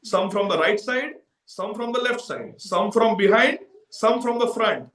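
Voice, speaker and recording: A man giving an animated devotional storytelling discourse as a preacher, acting out the voices and laughing often. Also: high-pitched, measured pace. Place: large indoor temple hall. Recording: echoey temple hall from far off.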